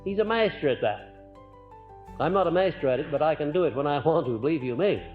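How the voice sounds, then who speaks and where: A man giving an earnest, folksy lecture to a live audience, letting his voice rise and drop on purpose and often pausing on "uh". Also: on the high side, lively intonation. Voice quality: frequent "uh" hesitations. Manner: folksy, earnest, swings between loud and soft on purpose. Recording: muffled archival recording, faint music.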